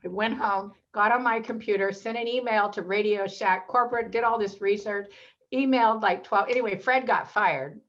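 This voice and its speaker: A woman's voice: mid-range voice, moderate pace. A woman speaks as a guest on an interview show, with a mid-range voice. She tells her stories with energy and acts out the voices of the people in them. The audio is dull and a little lo-fi. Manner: animated storyteller, acts out quoted voices. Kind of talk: casual interview storytelling.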